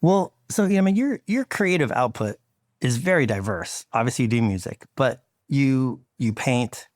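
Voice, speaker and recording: A man's voice: medium pitch, lively intonation, moderate pace, no echo, studio quality. A man hosting a podcast, interviewing a guest and jumping in eagerly with follow-up questions, repeating words as he starts. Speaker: podcast host.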